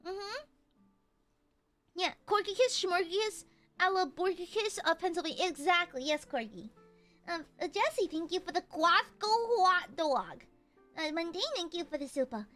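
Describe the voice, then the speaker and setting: A young woman with a very high, bright voice chats on her livestream, thanking donors. She is bubbly and giggly, tossing in casual swears. Soft music plays faintly underneath. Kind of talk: casual chat reading donations.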